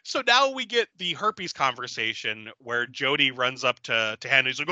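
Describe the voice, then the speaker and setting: A man's voice: mid-range voice, big pitch swings, normal speed, pushed and bright, no echo. A man hosting a casual podcast, recapping a movie with profanity and acting out the characters' lines. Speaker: podcast host.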